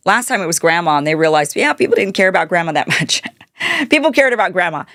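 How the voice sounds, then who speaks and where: A woman's voice: lowish voice, very animated, fast, a bit bright, no echo, studio quality. A middle-aged woman hosting a political commentary show, talking in a sarcastic monologue and mocking the people she quotes. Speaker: show host.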